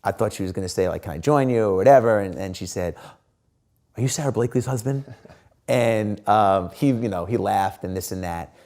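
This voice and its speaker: Low-voiced man telling stories with fillers. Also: normal speed. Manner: animated, lots of fillers and quoted dialogue. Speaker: interview guest. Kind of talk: casual storytelling.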